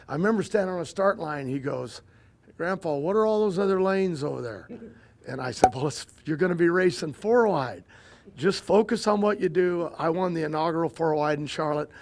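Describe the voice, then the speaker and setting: An older man in a casual interview, spinning a long family story. He stops and restarts constantly, piling up fillers as he goes. His voice sits a little on the high side. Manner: rambling, halting with many restarts and fillers. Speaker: guest.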